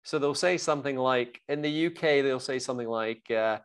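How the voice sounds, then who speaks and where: A man, a guest coach giving sales advice in an interview, confident and energetic, explaining through examples. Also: medium pitch, a little fast, few pauses, clean tone.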